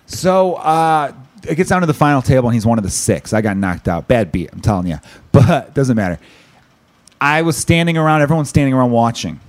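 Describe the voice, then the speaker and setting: Fast-talking Chicago-accented man. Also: mid-range voice. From Chicago, USA. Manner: rapid, animated anecdotes with blunt swearing. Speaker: podcast host and comedian. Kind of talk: casual chat and storytelling.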